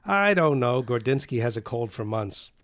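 A man voicing a clever, cocky young boy inventor who talks fast and lectures. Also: mid-range voice, big pitch swings, fairly bright tone. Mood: plain.

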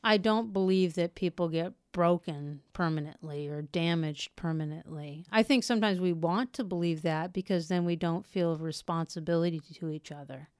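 A woman's voice: on the low side, normal speed, hardly any pauses, darkish tone, smooth, dry recording, clean studio sound. A middle-aged woman from Portland, a novelist, answering interview questions in an earnest, reflective way. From United States (Portland, Oregon). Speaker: novelist guest.

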